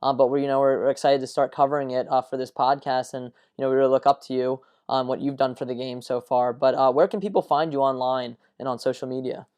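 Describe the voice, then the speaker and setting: A man's voice: mid-range voice, level tone, quick pace, hardly any pauses, darkish tone, smooth. A man hosting a sports podcast, asking questions in a friendly way with lots of fillers. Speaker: podcast host. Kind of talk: casual interview chat.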